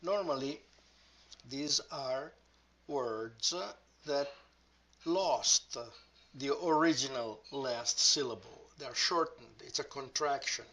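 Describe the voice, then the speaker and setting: A man teaching a pronunciation lesson, speaking slowly and deliberately and drawing out example words. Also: medium pitch, fairly bright tone. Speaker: language teacher. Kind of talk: grammar lesson.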